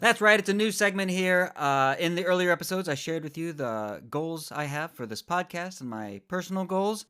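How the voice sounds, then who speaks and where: A man's voice: high voice, animated, normal speed, pushed and bright, smooth, soft background music. A man hosting his own trivia podcast in a playful, theatrical manner, swinging from upbeat cheer to mock-sheepish asides. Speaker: podcast host. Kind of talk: solo comedic trivia podcast monologue.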